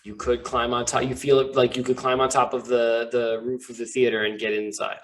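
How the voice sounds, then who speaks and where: A man narrating as game master, halting. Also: medium pitch, completely flat delivery, distant mic, a little hiss or hum. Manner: halting, filler-heavy description.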